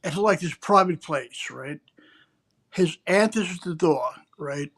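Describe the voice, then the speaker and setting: Older male guest, sixties, high-ish voice, rambling anecdotal style. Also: unhurried, a bit bright, husky. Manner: rambling anecdotes, keeps checking in with "right?". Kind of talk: casual conversational interview.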